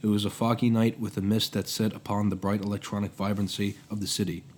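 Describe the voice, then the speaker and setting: Low-voiced man narrating a story. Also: level tone, fast, darkish tone, slight background noise. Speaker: podcast host and narrator.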